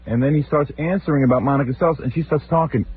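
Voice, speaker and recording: In this comic talk-radio storytelling, a middle-aged man hosting the show spins tales about his family and imitates their voices with exaggeration. His voice is a little high and very fast. The phone-like, lo-fi radio archive carries slight background noise.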